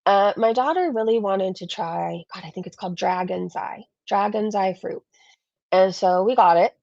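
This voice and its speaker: Gravelly, chatty woman streamer. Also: medium pitch, normal speed, no echo, muffled recording. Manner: chatty, rambling and animated. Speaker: commentary channel host. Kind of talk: casual live-stream commentary.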